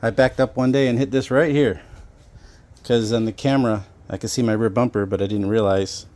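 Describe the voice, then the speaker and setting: A man's voice: mid-range voice, fairly even intonation, a little fast, darkish tone. A man talking casually through a do-it-yourself car repair, rambling and explaining each step as he works. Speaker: DIY car repair vlogger. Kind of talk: casual how-to walkthrough.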